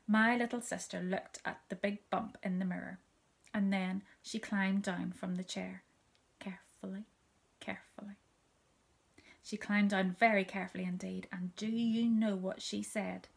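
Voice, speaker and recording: Woman reading a kids' story out loud, soft, keeps going whispery, gravelly voice. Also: medium pitch, steady tone, normal speed. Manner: soft and gentle, often dropping to a whisper. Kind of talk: reading a children's story aloud.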